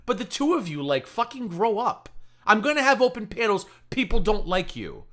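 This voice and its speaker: A man's voice: sits high, sing-song, normal speed. An American man hosting a livestream, talking in a profane, mocking and combative way. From United States. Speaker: livestream host. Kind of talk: heated livestream commentary.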